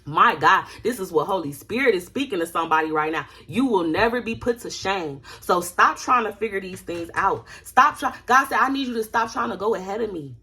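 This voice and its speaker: A woman's voice: medium pitch, expressive, a little fast, few pauses, bright, forceful tone, breathy edge. A woman preaching a fervent prophetic word, repeating phrases and crying out "ooh" and "my God".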